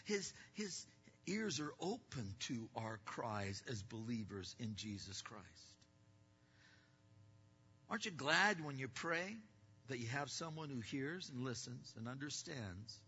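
A male pastor preaching a sermon, swinging from loud bursts to hushed, quiet passages and acting out distracted listeners in quick asides. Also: medium pitch, big pitch swings, slightly rough. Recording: dull lo-fi sound with long hall reverb.

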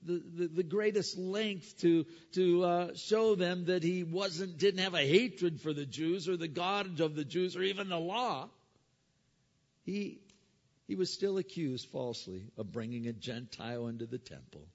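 A male pastor tells a Bible story as a sermon, in a fairly high voice and an animated storytelling manner. He often trips over his words and repeats them as he goes. The recording sounds muffled and lo-fi, with a long reverb from a large hall. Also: measured pace.

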